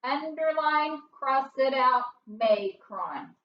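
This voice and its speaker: A woman's voice: sits high, expressive, slow pace, lo-fi sound, slight background noise. A woman teaching a first grade phonics lesson, explaining each step patiently, recorded from a distance in a roomy space.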